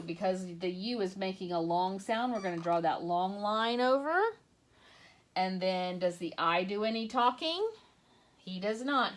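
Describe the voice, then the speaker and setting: A woman teacher walking young children through a phonics worksheet, sounding out letters slowly and patiently while she tips her camera toward the page. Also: fairly low pitch. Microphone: handheld phone or camera tipped toward a worksheet.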